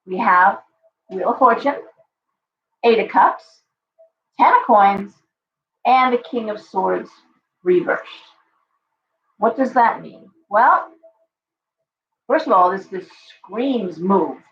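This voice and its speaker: A woman's voice: medium pitch, takes it slowly, long pauses. A woman hosting a live-stream tarot reading, chatty and reassuring, talking straight to her viewers while she is losing her voice. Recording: roomy, slightly dull live-stream audio.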